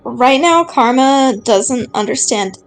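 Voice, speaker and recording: A woman's voice: high-pitched, expressive, slow pace, faint music behind. A woman playing a tabletop game, describing her character plainly. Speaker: player.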